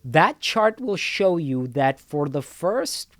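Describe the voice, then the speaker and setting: A man's voice: a little high, sing-song, slow pace, a bit bright, no echo, clean studio sound. A man co-hosting a casual talk show, explaining finances emphatically, repeating words and checking in with "okay?" a lot.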